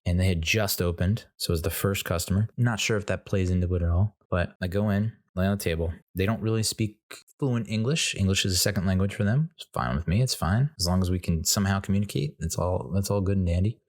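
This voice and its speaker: A man telling a comedic story in a casual, animated way, swearing freely and acting out the voices of other people. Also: low-pitched, fast, few pauses. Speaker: comedy podcast host.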